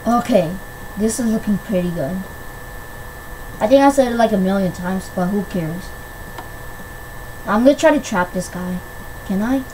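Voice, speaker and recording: A woman giving casual gameplay commentary, excitable and quick to shriek when things go her way. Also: mid-range voice, slight background noise, poor audio. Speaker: gamer. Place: at home on a PC.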